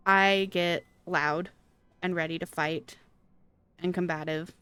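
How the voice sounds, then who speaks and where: A woman with a Pacific Northwest American accent, originally from that region, games at home in a room with a fan and chats with viewers, replying to chat in a rambling style packed with fillers and restarts. Her voice is lowish, steady, slow, fairly bright, clear, and resonant.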